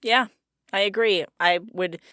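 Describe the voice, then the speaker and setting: A woman's voice: medium pitch, a little slow, a bit bright, no room sound, clean studio sound. A woman co-hosting a casual podcast, talking frankly and laughing often. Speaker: podcast co-host. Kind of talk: casual chat.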